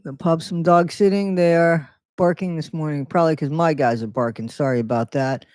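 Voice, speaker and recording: A man's voice: on the high side, steady tone, a little fast, darkish tone, smooth, no echo, clean studio sound. A man hosting a casual morning livestream, greeting viewers by name in a loose, rambling way. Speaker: livestream host.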